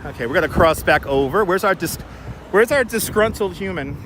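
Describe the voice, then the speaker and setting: A man's voice: high voice, lively intonation, fairly quick. A man live streaming while walking city streets, chatting casually, joking and greeting viewers by name. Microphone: wireless clip-on mic. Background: faint city traffic.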